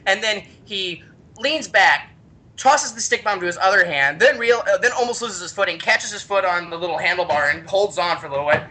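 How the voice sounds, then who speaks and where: A young man hosting a podcast, telling a rambling story in an excitable, giggly way. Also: high-pitched, brisk. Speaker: podcast host. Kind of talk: casual storytelling chat.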